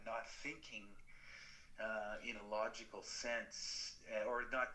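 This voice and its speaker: A man talking casually on a podcast as co-host, halting with fillers and restarts. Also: fairly low pitch, level tone, bright, forceful tone, reverberant, rough recording.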